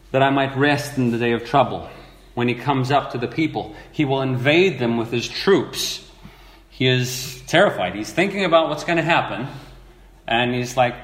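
A man preaching a sermon, reading scripture aloud and asking earnest rhetorical questions. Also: mid-range voice. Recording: echoey room.

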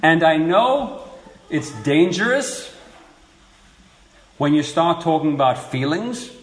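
A male preacher delivers an earnest expository sermon in an echoey room with faint background noise. His slightly high voice is expressive and slow, building with rising emphasis.

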